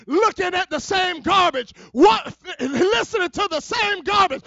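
At a church service, a male evangelist delivers fiery preaching in a very high, sharp, bright-edged voice that's also gravelly. He sinks to near-murmurs, then climbs into fervent shouting. The recording is dry and dull with a lo-fi feel and no echo.

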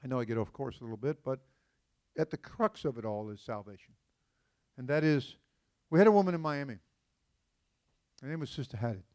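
A man's voice: medium pitch, animated, brisk, pauses often, darkish tone. A man preaching as senior pastor in a church, in a conversational style full of folksy, joking asides to the congregation. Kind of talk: conversational sermon. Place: church sanctuary.

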